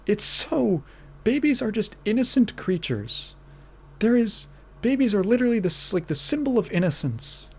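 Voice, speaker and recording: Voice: medium pitch, big pitch swings, normal speed, a little mellow, breathy edge. A podcast host ranting casually, outraged and incredulous, swearing and repeating phrases with bursts of laughter.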